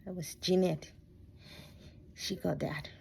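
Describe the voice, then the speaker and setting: Gravelly-voiced woman, soft and near-whispered. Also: lowish voice, steady tone, takes it slowly, a little hiss or hum. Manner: soft and reflective, often dropping to a near whisper; emotional, close to tears. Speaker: vlogger telling her life story. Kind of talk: personal storytelling. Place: her bedroom.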